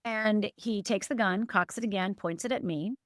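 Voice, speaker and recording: A woman's voice: moderate pace, fairly bright tone, no echo, clean studio sound. A middle-aged woman from Upper Michigan, a life coach telling a painful life story as a podcast guest, earnest and emphatic. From Upper Michigan, USA. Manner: earnest, emphatic, with sudden lifts and drops in pitch. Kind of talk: emotional personal storytelling.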